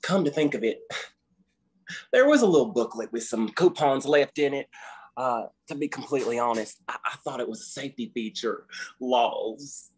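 A man's voice: medium pitch, lively intonation, moderate pace, close to an everyday voice. A man playing a folksy, fussy office manager on a conference call who keeps tacking "okay?" onto his sentences. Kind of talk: scripted comedy sketch on a conference call.

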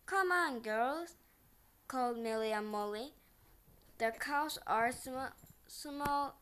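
A woman reading a children's picture book aloud, slow and halting, often restarting words. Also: a little high, slight background noise. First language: Korean.

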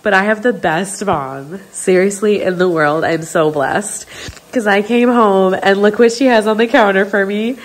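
A woman's voice: mid-range voice, normal speed. A young woman with a nasal, congested voice from a cold, chatting casually in her vlog and gushing to her dog. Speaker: vlogger.

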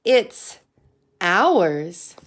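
A woman voicing a quarrelsome little female frog in a storybook, with a high, screaming voice. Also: big pitch swings, drawn-out words, exaggerated voice. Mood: sweet.

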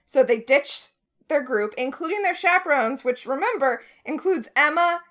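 Brief: high, bright-voiced woman co-host, animated and sarcastic, casual book-club recap. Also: moderate pace. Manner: animated retelling, sarcastic asides, swears. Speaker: podcast co-host.

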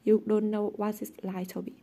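A woman voicing a moody, secretive teenage boy who talks in a hushed, evasive way, in a storybook reading. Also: medium pitch, level tone, normal speed, natural voice.

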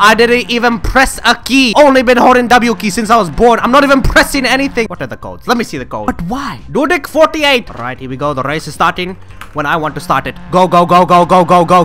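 A young man commentates his own gameplay in a high, bouncy voice that leaps all over the place. He brags and jokes, drops to mutters, then bursts into yells, with loud game music and engine noise under him. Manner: excitable, boastful, jokey, swings from mumbling to yelling. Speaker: gaming channel host. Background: loud game music and car engine sounds.

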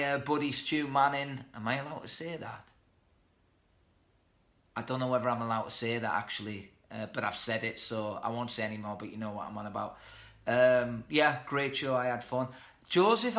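Thirties male host, self-deprecating live chat, crisp bright voice. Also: mid-range voice. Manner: chatty, reads out viewer comments, self-deprecating. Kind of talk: casual live-stream chat. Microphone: webcam or phone mic.

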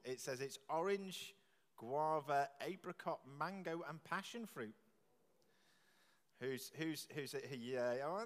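Leading worship, a man with a fairly high voice playfully quizzes the congregation with rapid questions in a jokey, chatty all-age talk. The sound is distant and echoey, with the long reverb of a big church.

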